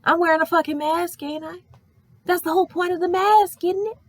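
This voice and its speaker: A young woman vlogger telling a story in a casual, animated way, swearing often and ranting in exasperation. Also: very high-pitched, brisk, no room sound.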